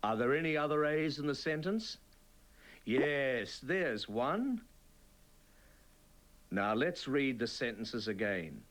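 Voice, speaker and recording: A man presenting a children's TV reading lesson, speaking slowly and clearly in an encouraging, sing-song way. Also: mid-range voice, expressive, fairly bright tone.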